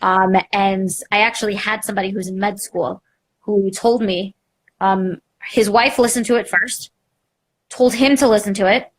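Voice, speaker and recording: In a live interview, a young woman who hosts a podcast tells her story openly, mocking herself with animated energy and lots of "like" and acted quotes. She speaks in a mid-range voice at a moderate pace.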